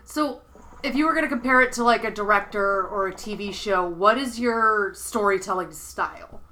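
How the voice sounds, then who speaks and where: A woman's voice: mid-range voice, moderate pace, sharp tone, rough recording. Hesitant woman interviewer. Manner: hesitant, restarting questions. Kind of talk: casual podcast interview.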